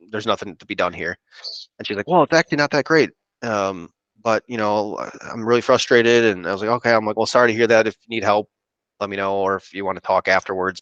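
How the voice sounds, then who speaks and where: A man's voice: fairly low pitch, quick pace, fairly bright tone, dry recording, highs cut off. Man telling a rambling work story. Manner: rambling, quotes people in his stories. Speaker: insurance producer, podcast co-host. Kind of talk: casual storytelling chat.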